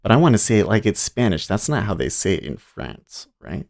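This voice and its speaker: A man's voice: lowish voice, big pitch swings, brisk, creaky, a little mellow. A man hosting a day trading livestream, chatting casually and easily with his viewers and chuckling often. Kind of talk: casual live-stream chat.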